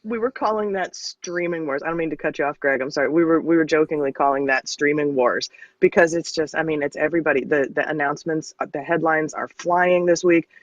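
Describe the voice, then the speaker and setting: A man hosting a live music news show, talking eagerly and warmly to his audience. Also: fairly high pitch, no echo, lo-fi sound. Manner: fast, eager, friendly sign-offs. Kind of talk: casual live-stream chat.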